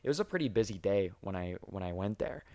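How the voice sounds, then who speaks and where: A young man hosting a podcast, telling work stories in a casual, profane, animated way. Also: low voice, quick pace, dry recording. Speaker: podcast host.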